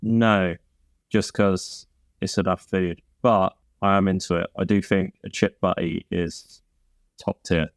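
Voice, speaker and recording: A man's voice: deep voice, little pitch movement, measured pace, creaky, no echo. A man as a podcast guest in casual chat, laid-back and matter-of-fact with dry humour. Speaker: podcast guest, band member.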